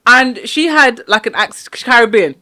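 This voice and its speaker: A woman's voice: fairly high pitch, animated, moderate pace, pushed and bright. A woman, co-hosting a casual podcast, telling a story with lots of laughter and acted-out voices. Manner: laughs often, acts out voices in her stories. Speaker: podcast co-host.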